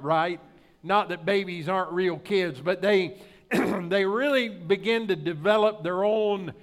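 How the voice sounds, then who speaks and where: A man's voice: high-pitched, fairly bright tone, clear, resonant tone. A middle-aged man preaching a sermon, telling a homely personal story in a folksy way and asking the congregation rhetorical questions. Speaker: pastor.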